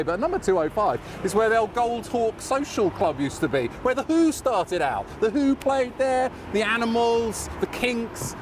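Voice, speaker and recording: English man, casual walking-tour host, slightly high voice, rambling and self-deprecating, outdoor street recording. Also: background noise. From England. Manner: rambling, chatty, self-mocking.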